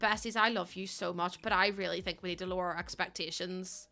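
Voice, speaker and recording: Bright, giggly woman streamer. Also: fairly low pitch, steady tone, a little fast, gravelly, soft background music. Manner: bubbly, giggly, chatty with viewers. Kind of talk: casual live-stream chat while playing.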